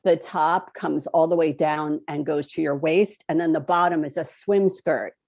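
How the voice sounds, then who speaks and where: A woman's voice: deep voice, fairly even intonation, normal speed, a little mellow. A woman co-hosting a casual talk show, telling a story animatedly, often laughing and acting out quotes. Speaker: co-host.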